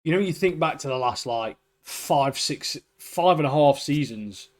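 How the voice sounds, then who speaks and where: A man's voice: a little high, lively intonation, a little slow. A man co-hosting a casual podcast. He talks bluntly and gives strong opinions, dropping "mate" at the end of many lines. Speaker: podcast co-host. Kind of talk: casual chat reviewing a TV show.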